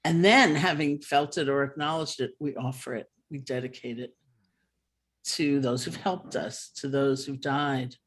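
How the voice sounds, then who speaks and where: An older woman teaching meditation on a video call. She speaks gently and reflectively, pausing often and filling the gaps with soft "um"s. The sound is plain computer-mic audio. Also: very deep voice. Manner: gentle and thoughtful, with many pauses and fillers. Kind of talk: reflective teaching talk with a personal story.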